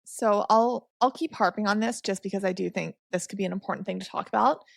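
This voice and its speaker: A woman hosts a relaxed podcast conversation, asking curious, probing questions and laughing often. Her voice is heavy with vocal fry. The recording is close and dry. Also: mid-range voice, fast, dry recording. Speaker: podcast host. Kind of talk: casual podcast chat.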